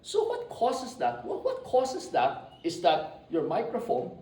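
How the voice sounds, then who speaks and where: Male lecturer with a high, lively voice, keeps asking the class "right?", heard from a distance in an echoey room. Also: takes it slowly. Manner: animated, keeps checking in with "right?" and "you see?". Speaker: university lecturer.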